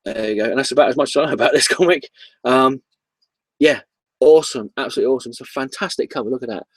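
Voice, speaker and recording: A man's voice: mid-range voice, fast, husky, no echo, low-quality recording. A man chatting casually on his comic book vlog, enthusiastic and rambling, often repeating himself.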